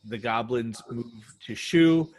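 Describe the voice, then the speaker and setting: A man's voice: mid-range voice, slow pace, a little mellow. A man acting as game master, narrating a tabletop game in a loose, rambling way with many fillers.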